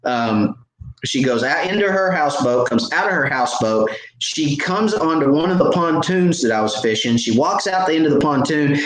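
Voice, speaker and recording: A man with a fairly high voice hosts a live question session and spins an animated, self-mocking story. His voice bounces around an echoey room. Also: background noise. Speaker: host. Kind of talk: casual storytelling.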